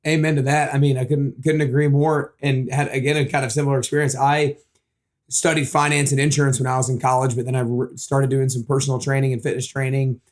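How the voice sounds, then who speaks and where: Fast-talking male podcast host. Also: medium pitch, level tone. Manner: conversational, agreeable interviewer. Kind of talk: casual interview chat.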